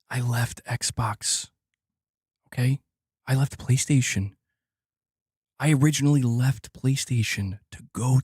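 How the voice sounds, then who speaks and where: A man's voice: medium pitch, measured pace, pauses often, a little mellow, slightly rough, no room sound, studio quality. A man streaming gaming news, delivering an impassioned rant that is full of swearing and repeated words for emphasis. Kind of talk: live stream commentary rant.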